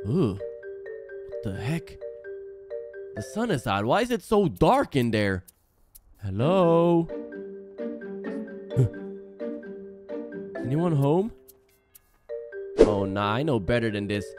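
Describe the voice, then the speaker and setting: A man's voice: mid-range voice, big pitch swings, slow pace, long pauses. Jumpy young man with game music behind. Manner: jumpy, exclaiming, swings between hushed and yelling. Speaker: gaming channel host. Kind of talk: horror game commentary.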